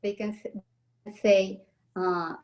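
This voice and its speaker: Slow-speaking woman, hesitant non-native English. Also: medium pitch, fairly even intonation, a little mellow. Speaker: guest business owner. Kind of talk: casual thank-you speech.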